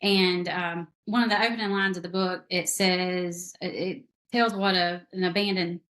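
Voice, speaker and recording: A woman's voice: lowish voice, fairly even intonation, moderate pace, fairly bright tone. A woman from South Carolina with a Southern accent, a guest author describing her book in chatty, rambling talk with many fillers. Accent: Southern American. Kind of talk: casual interview chat.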